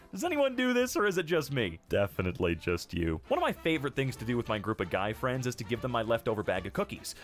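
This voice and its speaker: Man, host, reading posts aloud, wry joking asides, animated pitch, faint music behind. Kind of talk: reading and reacting to online posts.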